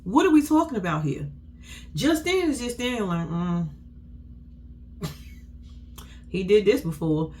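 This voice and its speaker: A woman's voice: mid-range voice, moderate pace, long pauses. Blunt, laughing woman recapping reality TV. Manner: blunt, profane, laughing, animated storytelling. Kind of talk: casual commentary.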